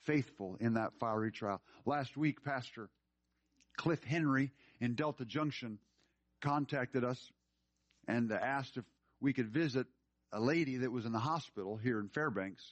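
A man's voice: medium pitch, measured pace, no room sound. A male pastor preaching a sermon, telling a story and then pressing his point with earnest urgency. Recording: dry, slightly dull sound.

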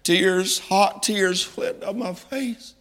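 A middle-aged man preaching a sermon in a folksy style that climbs into impassioned, shouted passages. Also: sits high, slow, long reverb tail.

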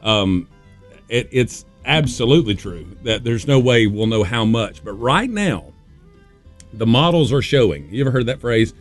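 A man, a guest on a local radio show, explaining things in a relaxed, conversational way. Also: mid-range voice, normal speed, faint music behind. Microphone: studio guest microphone.

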